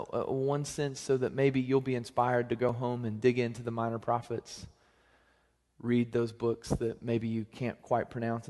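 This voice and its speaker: A young man preaching a sermon as pastor, in a conversational, joking manner with lively swings in pitch and loudness. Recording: long hall reverb.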